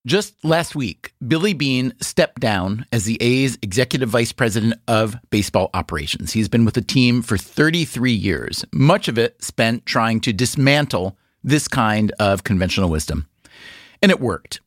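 A man hosting a radio interview show, narrating and asking curious, measured questions. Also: medium pitch, animated, no room sound, studio quality. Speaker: podcast host.

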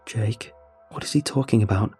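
A man's voice: medium pitch, a little slow, creaky, mellow, slightly rough, faint music behind, voice pushed up, exaggerated voice. A man doing a frantic, tearful young woman. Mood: desperate. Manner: frantic, on the verge of tears, screaming. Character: frightened, desperate young woman.

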